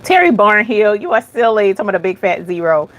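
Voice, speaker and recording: A middle-aged woman hosting an embroidery live stream, reading viewer comments aloud in a chatty, relaxed, folksy way and thinking aloud as she goes. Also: mid-range voice, quick pace. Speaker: embroidery channel host.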